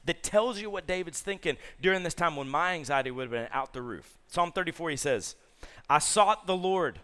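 A man preaching to young people as a youth pastor, telling the story in a lively, casual way and asking the audience questions. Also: fairly high pitch, fairly quick.

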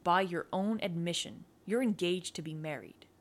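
A woman reads a guarded young sailor in a spoken story. His lines come low and dry, wry and evasive, teasing more than answering. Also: moderate pace, natural voice.

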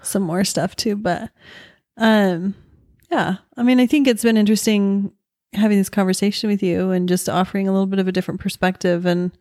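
A middle-aged woman hosting a podcast and talking with her son in a warm, encouraging way. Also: mid-range voice, steady tone, brisk, no room sound, clean studio sound. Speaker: podcast host, mother. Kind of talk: casual chat.

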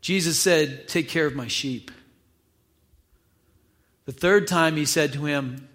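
A man's voice: a little high, takes it slowly, pauses often, a bit bright. A man preaching a sermon, retelling a scripture reading in a casual, conversational way with acted asides. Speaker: pastor.

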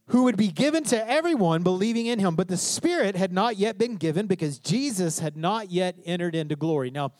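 A man preaching a sermon as pastor, telling the story with lively energy and acting out the quoted lines. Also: high-pitched, a little fast, few pauses, no room sound. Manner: animated storytelling preacher, acts out quotes, asks "tracking?".

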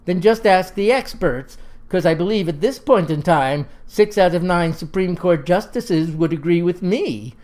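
A woman's voice: fairly low pitch, animated, measured pace, a little mellow. A woman voicing an earnest, stubborn young male farmer who talks in folksy, old-fashioned country phrasing. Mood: insistent.

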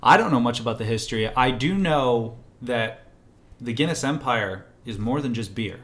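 A man's voice: medium pitch, lively intonation, normal speed, fairly bright tone. A man co-hosting a podcast in casual chat, with wry, teasing banter. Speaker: podcast co-host.

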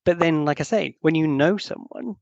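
Gravelly-voiced man hosting a podcast. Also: a little high, moderate pace, no echo, lo-fi sound. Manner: animated, restarts a lot, acts out quoted voices. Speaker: podcast host. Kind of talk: casual conversational interview.

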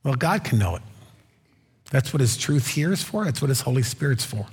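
Man, pastor, sermon, conversational storytelling, wry asides, slightly breathy voice, long hall reverb. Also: mid-range voice, sing-song, fairly quick.

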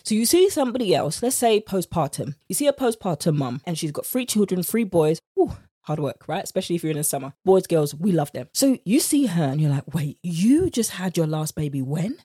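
A woman's voice: fairly low pitch, brisk, breathy edge, dry recording, studio quality. A British woman in her thirties hosting a podcast, talking casually and chattily to her listeners as a macros coach. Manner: chatty and animated, addresses listeners as "girl".

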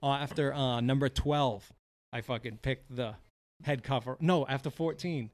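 A man co-hosting a podcast, telling a golf story in casual chat, animated and profane, acting out what people said. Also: medium pitch, normal speed, no echo. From Wisconsin. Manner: animated, profane, acts out quotes. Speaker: podcast co-host.

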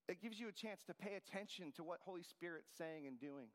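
A man's voice: high-pitched, lively intonation, a little fast, long reverb tail. A man in his forties preaching a sermon, telling a personal story in a conversational style. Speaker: pastor.

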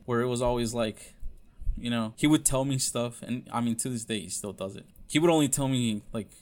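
A man telling a personal story in a casual, frank way, with lots of fillers and swearing. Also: medium pitch. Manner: loose, profane, many fillers; frank and confessional.

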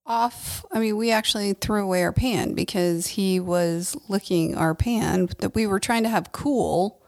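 A woman with a gravelly, vocal-fry edge chats on a podcast. She is agreeable and chimes in with quick replies between longer stretches. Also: mid-range voice, darkish tone. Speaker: podcast co-host. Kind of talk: casual chat.

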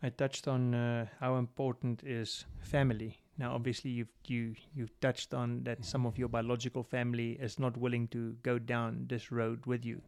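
A man hosting a podcast, asking questions and encouraging his guest with steady murmurs of agreement. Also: medium pitch, moderate pace, creaky, hardly any pauses, slight background noise. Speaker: podcast host. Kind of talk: interview questions, casual conversation.

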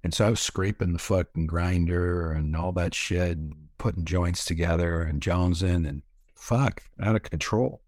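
A man's voice: sits low, normal speed, darkish tone, no echo, studio quality. A middle-aged man from Canada, candidly telling a long personal story in a casual interview, rambling with many fillers and frequent swearing. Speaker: podcast guest.

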